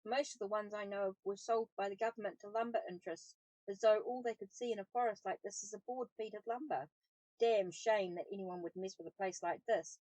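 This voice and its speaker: A woman's voice: mid-range voice, brisk, a little mellow, no echo, natural voice, poor audio. A woman reading aloud the lines of an earnest male forest researcher in his forties, explaining things patiently. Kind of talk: audiobook reading of dialogue.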